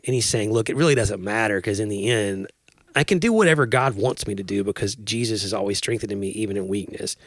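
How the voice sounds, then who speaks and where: Talking fast in a fairly low voice, a man co-hosting a podcast keeps the casual chat earnest and reflective, quick to laugh. The audio is studio quality, no echo.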